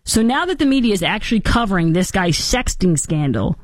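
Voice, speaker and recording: A woman's voice: mid-range voice, fairly quick, dry recording, studio quality. Sarcastic woman hosting political commentary. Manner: sarcastic, animated, mocking.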